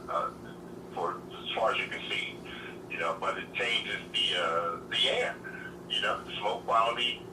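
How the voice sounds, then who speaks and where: A man calls in to a talk show and explains things hesitantly, stammering and restarting his sentences. His voice comes over a distant phone line with a roomy echo. A good deal of noise sits behind him. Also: lowish voice. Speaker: guest caller. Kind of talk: casual phone conversation.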